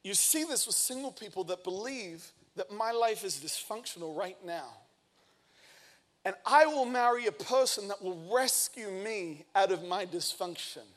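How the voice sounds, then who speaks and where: A man in his thirties preaching a sermon, telling a lively personal story and acting out the quoted lines. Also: sits high, measured pace. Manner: energetic storytelling, acts out quotes. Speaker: pastor.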